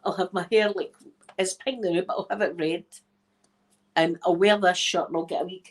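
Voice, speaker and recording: A woman's voice: on the low side, a little fast. A Scottish woman, an ASMR creator, chatting casually to her viewers as she tells a story, laughing often and checking in with "right?". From Scotland.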